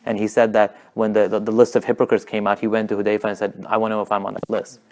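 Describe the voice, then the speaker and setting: A young man telling a religious story in a casual, animated way, with many fillers and restarts. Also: lowish voice, racing. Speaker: speaker at a community talk.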